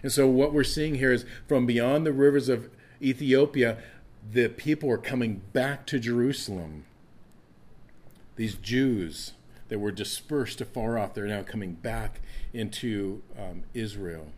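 A man's voice: mid-range voice, a little slow, a little mellow. A man teaching a Bible passage as a pastor in an evening sermon, earnest, with emphatic stresses and scripture read aloud.

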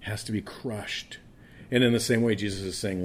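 Steady in tone and low-pitched, a man preaches in an earnest, conversational way, reading scripture as part of his sermon. He frequently trips over repeated words when restarting his thoughts, and there's a little hiss or hum at his moderate pace.

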